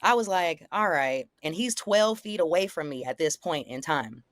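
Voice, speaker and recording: A fairly low-voiced young woman telling a story in casual conversation. She jumps up in pitch when she acts out what was said. The recording is close and dry. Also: moderate pace, no echo. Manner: animated, acts out quoted lines in a higher voice. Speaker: guest recounting a confrontation.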